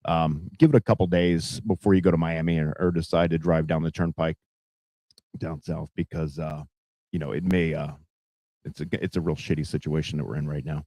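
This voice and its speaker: A man's voice: a bass voice, fairly even intonation, fairly quick, warm tone, dry recording. A man hosting a casual news commentary show, rambling and profane, with heavy fillers. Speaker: podcast host.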